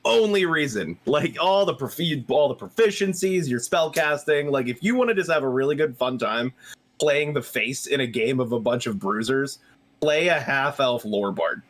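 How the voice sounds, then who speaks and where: A man chatting casually about his favorite tabletop characters, laughing often and talking excitedly. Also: medium pitch, unhurried. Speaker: player.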